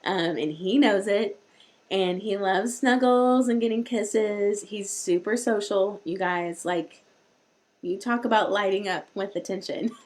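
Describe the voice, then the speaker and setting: A woman hosts a live-streamed parenting talk in a chatty, rambling way. She often restarts her sentences as she goes, and her voice sits at an ordinary middle pitch. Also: unhurried. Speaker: host.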